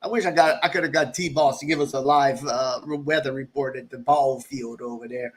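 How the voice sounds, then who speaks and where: A man's voice: medium pitch, fairly even intonation, a little fast, a bit bright. A man hosting a casual live stream from home during a storm, jokey and chuckling, with rambling asides. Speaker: livestream host.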